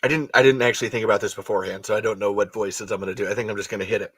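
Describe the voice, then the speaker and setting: A man's voice: fairly low pitch, steady tone, rapid-fire, husky, dry recording. A man hosting a podcast, reading a story aloud with casual, rambling asides and frequent self-corrections. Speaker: podcast host.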